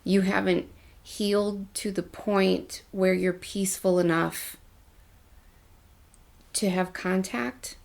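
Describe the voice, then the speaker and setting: A woman's voice: mid-range voice, steady tone, takes it slowly, vocal fry, pauses often, darkish tone. A woman coach telling personal stories in a casual vlog, candid and chatty with casual slang. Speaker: life coach.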